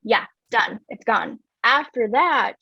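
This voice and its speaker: A woman's voice: fairly high pitch, animated, slow, breathy edge, no room sound. Earnest woman guest, dull dry recording. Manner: earnest and reflective, heavy use of "like". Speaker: guest, wellness coach. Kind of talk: candid personal storytelling in an interview.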